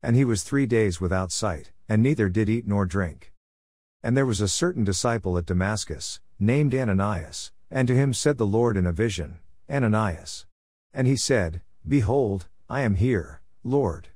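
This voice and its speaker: A man giving a measured, even reading of scripture in a scripted style. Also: on the low side, no echo, studio quality. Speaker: Bible reader.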